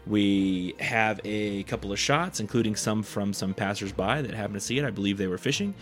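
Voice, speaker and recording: Chatty low-voiced man with a twang. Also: fairly quick, hardly any pauses, a bit bright, faint music behind. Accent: Eastern California twang. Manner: chatty, joking asides, informal. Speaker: local news host. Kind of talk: casual local news update.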